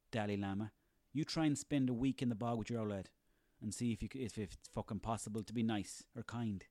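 A man's voice: mid-range voice, steady tone, fairly quick, hardly any pauses, mellow, no room sound, clean studio sound. An Irish man in his thirties delivering a sarcastic, profanity-laden comic rant on his own. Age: 30s. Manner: profane, sarcastic, ranting, rambling.

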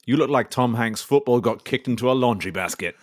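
A man's voice: medium pitch, brisk, no echo, clean studio sound. A man co-hosting a comedy podcast with wry, chuckling remarks. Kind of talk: casual comedy chat.

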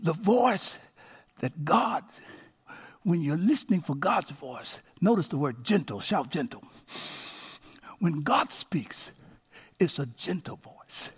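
A middle-aged male pastor preaching a sermon, swinging from hushed asides to shouted calls of "come on now". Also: a little high, animated, slow pace, pauses often, slightly rough.

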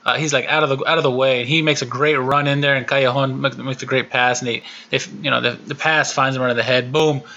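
A man talking football on a podcast, animated and quick, with frequent "uh" restarts. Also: medium pitch, lo-fi sound. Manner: rapid, animated, lots of "uh" restarts. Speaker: podcast co-host. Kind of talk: casual football podcast chat.

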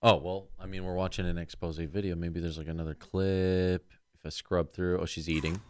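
Deep-voiced joking man co-hosting. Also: level tone, normal speed, clear, resonant tone. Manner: crude, joking, laughs often. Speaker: podcast co-host. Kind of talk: casual reaction chat.

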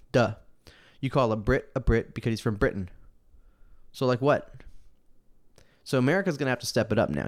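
A young man hosting a casual show, ranting in an animated, slangy way and mocking people with put-on quotes. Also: mid-range voice. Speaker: podcast host. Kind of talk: casual opinion rant.

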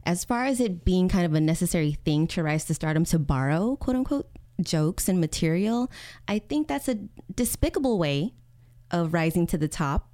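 A woman co-hosting a podcast, speaking in a measured way and laughing often. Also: lowish voice, animated, dark tone, dry recording, studio quality. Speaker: podcast co-host. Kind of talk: casual chat.

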